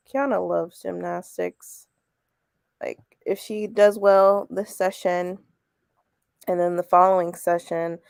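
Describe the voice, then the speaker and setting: A woman's voice: fairly low pitch, gravelly, no room sound, studio quality. A woman, hosting a casual livestream chat, laughing often and reading comments aloud. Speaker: host.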